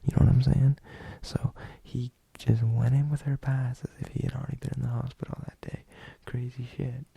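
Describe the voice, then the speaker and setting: Young male podcast host, rambling profane storyteller; deep dark tone, dry close sound. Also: level tone, a little fast, gravelly, husky, dry recording. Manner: rambling, profane, loose delivery with many fillers. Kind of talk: casual storytelling.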